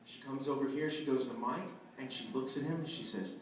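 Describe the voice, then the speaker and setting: A man in his thirties, a voice actor at a convention panel, telling a story in an animated way and acting out the quotes. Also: mid-range voice, a little fast, a little hiss or hum. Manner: animated anecdotal, acts out quotes. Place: large convention hall. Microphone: phone camera from the audience. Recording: echoey hall from far off, phone audio.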